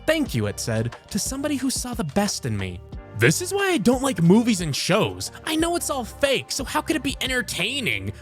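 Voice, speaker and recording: A man reading funny posts aloud as comedic scripted narration, highly animated and jumping between voices. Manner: highly animated, frequent sudden voice shifts.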